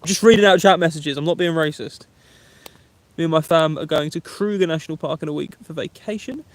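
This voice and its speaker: A man's voice: on the high side, a little fast. A man in his twenties with an Essex English accent, chatting casually on a live stream from a woodland camp and reading out viewer comments. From England. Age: 20s. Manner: chatty, friendly, reads viewer names aloud. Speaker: vlogger.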